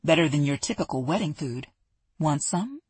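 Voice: mid-range voice, expressive, normal speed, husky, no echo. A narrator doing a playful, teasing young woman.

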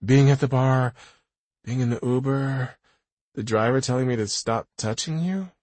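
A man's voice: mid-range voice, moderate pace, darkish tone, dry recording, pitched above the performer's own voice, close to an everyday voice. A man voicing a brash, playful young woman singer in an audiobook, with a teasing, showy way of talking.

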